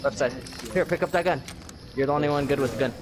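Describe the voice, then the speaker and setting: A man playing an online shooter as a teammate, joking around and calling out quick orders. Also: on the high side. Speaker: gaming teammate. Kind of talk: casual gaming chat. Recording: noisy game chat audio.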